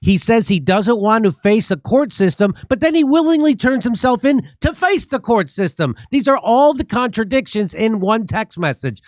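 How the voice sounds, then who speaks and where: A man's voice: high-pitched, big pitch swings, normal speed, hardly any pauses, no echo. A man hosting a political talk show, sarcastic, building up a list of points one after another.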